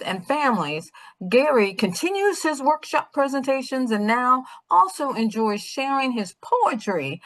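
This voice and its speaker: A woman's voice: medium pitch, a bit bright, low-quality recording. Woman reading a speaker introduction. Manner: reads a prepared text with small slips. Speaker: webinar moderator.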